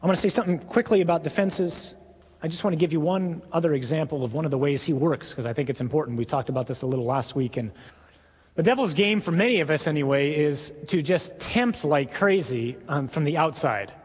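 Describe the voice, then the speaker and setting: A man preaching a sermon in an earnest, emphatic way, stressing words slowly. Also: fairly high pitch, slightly rough, in a large hall.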